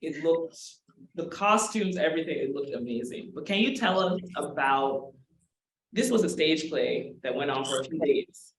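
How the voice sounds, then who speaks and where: A man's voice: a little high, lively intonation, moderate pace, a bit bright. A man hosting an interview, asking loose, rambling questions. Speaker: interview host. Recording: roomy with faint noise.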